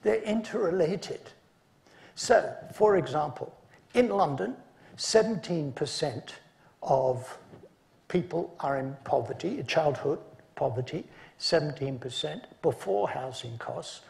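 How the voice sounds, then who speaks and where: A man giving an academic conference lecture, measured in delivery and dropping dry asides between points. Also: fairly high pitch, lively intonation, gravelly, a little mellow. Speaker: conference speaker.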